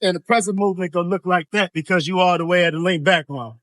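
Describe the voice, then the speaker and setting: A young fitness coach talks through exercise form on a gym floor, his voice sitting high for a man. The sound is dry and close, with almost no room echo. He keeps it loose and slangy, tossing in tag questions as he demonstrates. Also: steady tone, fast, fairly bright tone. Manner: laid-back, slangy, peppered with tag questions. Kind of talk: casual workout instruction.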